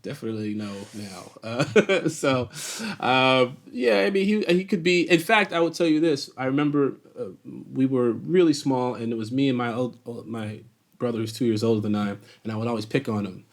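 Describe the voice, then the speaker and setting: A man from Chicago tells stories as an interview guest. His voice sits at a middle pitch, his manner is animated, and he breaks into laughter often as he trips over his restarts. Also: normal speed. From Chicago, USA. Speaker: guest actor. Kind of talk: casual storytelling in an interview.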